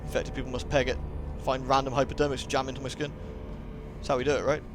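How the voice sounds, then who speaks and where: A man's voice: medium pitch, little pitch movement, fast, over music. A man giving jokey, sarcastic commentary while playing a horror game. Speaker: gaming commentator. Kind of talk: let's play commentary.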